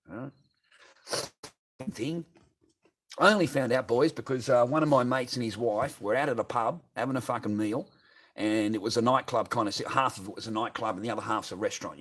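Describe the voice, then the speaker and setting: Middle-aged aussie bloke ranting, swears nonstop, bitter and repetitive, lowish voice. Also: male voice, breathy edge. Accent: Australian. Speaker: streamer. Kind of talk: ranting monologue.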